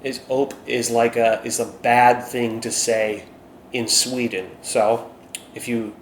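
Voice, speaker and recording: A man from Minnesota with a Minnesotan accent vlogs to camera, chatting casually, poking fun at himself, and sprinkling in "okay?" asides. His mid-range voice is level and slow, in an echoey room with faint ambient noise.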